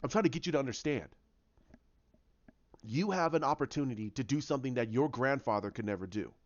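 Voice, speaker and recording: A man voicing an earnest young male ex-soldier who urges a rival to redeem himself, sounding urgent and a little lower and slower than his own telling, on a dull, dry recording. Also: expressive, no room sound, close to an everyday voice. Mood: earnest pleading.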